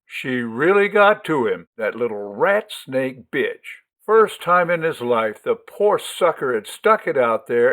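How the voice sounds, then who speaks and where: A man's voice: medium pitch, a bit bright, low-quality recording. Man reading a crude first-person story wryly. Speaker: audiobook reader and host. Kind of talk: scripted audiobook narration.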